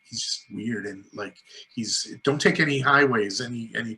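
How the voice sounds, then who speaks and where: A middle-aged man, a filmmaker guest, telling lively anecdotes in a casual interview and acting out what people said, with many "like"s and "you know"s. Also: medium pitch, moderate pace.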